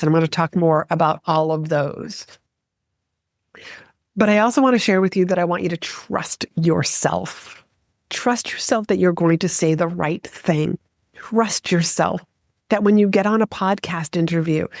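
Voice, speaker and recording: A woman's voice: medium pitch, a little mellow, dry recording, clean studio sound. A middle-aged woman hosting a solo podcast, speaking expressively and varying her pace and tone for emphasis. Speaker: podcast host.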